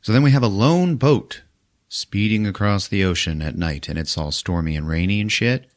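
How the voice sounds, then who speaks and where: In a fairly low voice at normal speed, a podcast host gives a profanity-laced, casual movie recap. He keeps breaking into silly voices for the characters.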